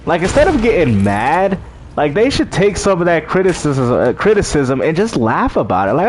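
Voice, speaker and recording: A man's voice: on the high side, wildly swooping pitch, moderate pace. A man hosting a live stream, chatting in a laid-back way and laughing often. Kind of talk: casual livestream chat.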